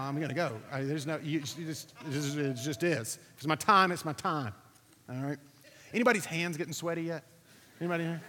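A man preaching, telling a lively personal story to his audience, acting out what others said, then drawing a lesson from it. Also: high-pitched. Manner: animated storytelling, acting out quotes, asking the audience. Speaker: pastor. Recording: reverberant hall recording.

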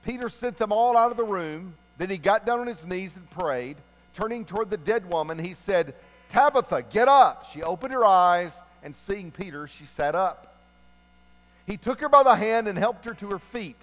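A male preacher with a fairly high voice, telling a Bible story in a folksy, animated manner. He preaches in a church sanctuary, and his voice carries with a long hall reverb. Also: normal speed. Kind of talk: sermon retelling a Bible story.

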